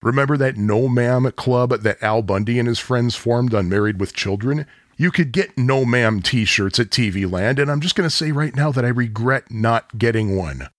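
A man's voice: medium pitch, moderate pace, dry recording, clean studio sound. A man from the Chicago area hosting a podcast, telling nostalgic stories in a chatty, self-deprecating way. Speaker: podcast host. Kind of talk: casual storytelling monologue.

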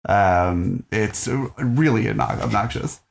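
A man with a gravelly, fry-laden voice rambles through his opinions on a film. He swears now and then and pokes fun at himself as he goes. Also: lowish voice, a little slow. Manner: rambling, swearing, self-mocking. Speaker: podcast co-host. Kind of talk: casual film discussion.

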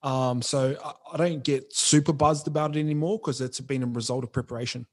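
Fairly quick and mostly even in tone, this young man's mid-range voice carries a casual podcast chat about running a clothing label. He talks frankly and roughly, with heavy slang and lots of "like" and "bro."

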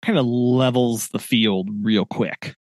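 A man's voice: medium pitch, fairly even intonation, slow, a little mellow, no echo, studio quality. A man co-hosting a podcast, discussing a book in a thoughtful, reflective way and reading passages aloud before commenting on them. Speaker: podcast co-host.

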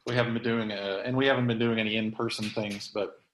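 A man's voice: on the low side, steady tone, quick pace, reverberant, a little hiss or hum, rough recording. A man hosting a podcast in casual chat, rambling with many fillers and restarts. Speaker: podcast host.

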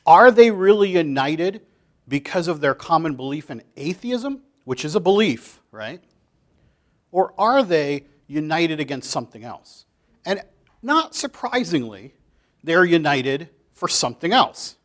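A man leading a Bible study group in a chatty, animated way, full of filler "like"s, as he reads comics aloud. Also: a little high, unhurried. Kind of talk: casual group talk, reading comics aloud.

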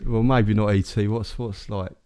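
A man's voice: fairly low pitch, little pitch movement, moderate pace, warm tone, clear, resonant tone. A man co-hosting a casual podcast, rambling and correcting himself with a jokey tone. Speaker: podcast co-host. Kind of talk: casual chat.

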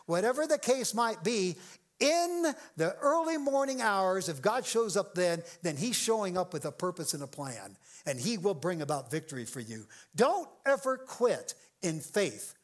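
Animated high-voiced man preaching. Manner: animated preaching, acts out quoted voices, jokes with the congregation. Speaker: pastor. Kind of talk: sermon. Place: church sanctuary with congregation.

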